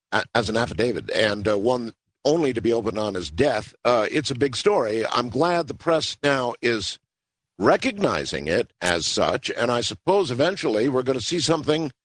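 Male radio host with an animated voice and a dry, close sound; he probes his guest conversationally. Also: mid-range voice, a little fast, no echo. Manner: probing, conversational, repeats words. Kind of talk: radio interview.

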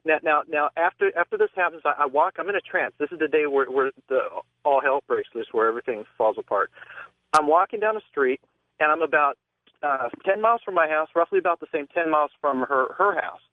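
A man tells a winding story over a thin, tinny phone line. His voice sits a bit high, and he stumbles through restarts and fillers as he goes. The sound is dry, with no room around it. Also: animated, dry recording. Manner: rambling, halting with many restarts. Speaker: caller. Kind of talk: call-in radio storytelling.

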